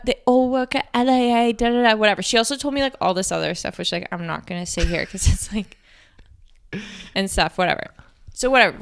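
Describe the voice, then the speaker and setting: A woman's voice: mid-range voice, a bit bright. A woman in her thirties telling a story as a podcast guest, chatty and laughing often, full of "like" and "whatever". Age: 30s. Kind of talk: casual storytelling chat.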